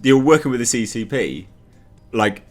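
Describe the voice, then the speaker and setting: A man's voice: mid-range voice, animated, normal speed, faint music behind. Sarcastic ranting man. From United Kingdom. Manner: sarcastic, exasperated, mocks others in put-on voices. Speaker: commentary vlogger. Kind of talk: ranting commentary.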